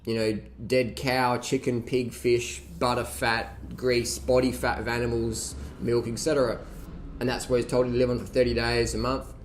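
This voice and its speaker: A man's voice: medium pitch, level tone, moderate pace, a little hiss or hum. A man ranting casually and profanely, mocking others with laughs as he reacts to a documentary. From Australia. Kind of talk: casual rant.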